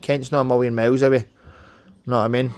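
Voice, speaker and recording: Scottish man, heated and sweary, dry close sound, mid-pitched voice. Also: level tone, quick pace, darkish tone, dry recording. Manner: heated, sweary, repeats "mate" and "know what I mean". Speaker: live stream guest. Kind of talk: casual chat on a live call.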